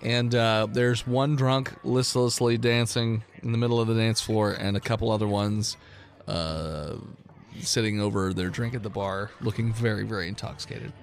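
A man's voice: on the low side, fairly even intonation, normal speed. A man narrating as game master of a tabletop game, laughing often and talking loosely.

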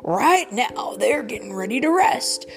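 Calm papa rabbit, low and slow, kinda gravelly, mom doing the voice, bedtime book. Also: female voice, soft background music, heavily acted. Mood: gentle. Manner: gentle explaining. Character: calm wise father rabbit. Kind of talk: bedtime storybook reading.

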